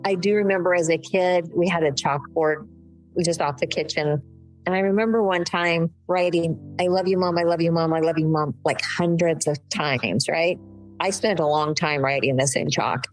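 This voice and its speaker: Speaking at a moderate pace with a fairly low pitch, an older woman is heard over soft background music in a rough recording. The emotional conversational interview finds her, as the guest, candidly recalling her late mother while occasionally laughing through tears.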